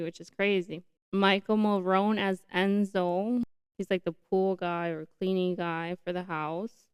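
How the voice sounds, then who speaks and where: A young woman hosting her own podcast on a new mic setup, chatting casually and excitably. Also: medium pitch, clear, resonant tone, no room sound. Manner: chatty, excitable, says like a lot. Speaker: podcast host. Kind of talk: casual solo podcast chat.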